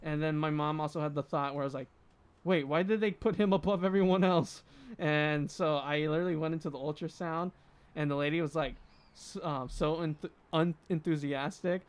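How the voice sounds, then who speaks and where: A man's voice: fairly high pitch, normal speed, clear, resonant tone. A young man in his twenties, co-hosting a podcast, telling a story in casual chat and acting out what others said. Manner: animated, laughing storyteller acting out quotes. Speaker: podcast co-host.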